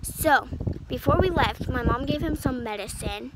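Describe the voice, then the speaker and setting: A woman's voice: high voice, expressive, normal speed, heavy background noise. A teenage girl telling storytimes in a casual, rambling way, full of "like" fillers. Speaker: vlogger.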